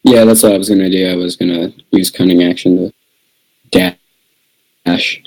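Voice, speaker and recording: A man's voice: low voice, steady tone, moderate pace, vocal fry, darkish tone, rough recording. A man playing a tabletop game who stammers and swears freely as he talks. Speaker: player. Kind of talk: casual tabletop play.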